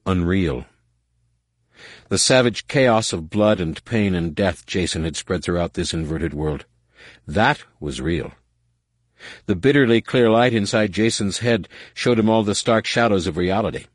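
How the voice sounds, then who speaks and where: A man reading a dramatic story as narrator, measured, with slow emphatic pauses. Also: deep voice, animated, no echo, clean studio sound. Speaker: audiobook narrator. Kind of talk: scripted narration.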